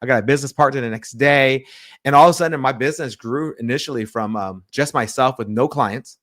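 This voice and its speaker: A man telling a personal story in an interview, lively, acting out the people in it and often restarting his sentences. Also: medium pitch, brisk, no room sound, studio quality. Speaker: pastor, interview guest.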